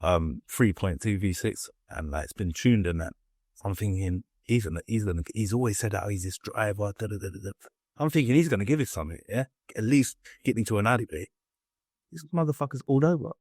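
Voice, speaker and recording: On a dry, studio-quality recording, a young Englishman with a lowish, slightly mellow voice talks briskly. His casual interview is a blunt account of his life, full of swearing, acted-out quotes from other people, and many fillers.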